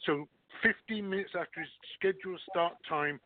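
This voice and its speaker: Over a tinny phone line, a recruiter appearing as a guest on a talk show explains his approach through worked examples. His voice sits high, and he talks at a normal speed.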